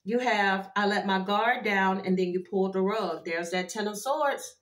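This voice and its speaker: Chatty tarot lady talking to her viewers, lots of exclaiming, mid pitched voice, roomy echo. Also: moderate pace. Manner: animated, exclaiming, chatty, addresses viewers as y'all. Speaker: tarot reader. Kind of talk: casual tarot card reading to viewers. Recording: echoey room.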